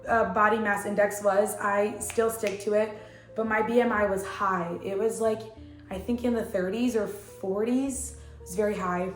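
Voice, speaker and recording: Young woman chatting away on her vlog, slangy and lively, echoey room, faint music. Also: mid-range voice, moderate pace. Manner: chatty, animated, slangy storytelling with acted-out quotes. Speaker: vlogger. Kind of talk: casual storytelling vlog.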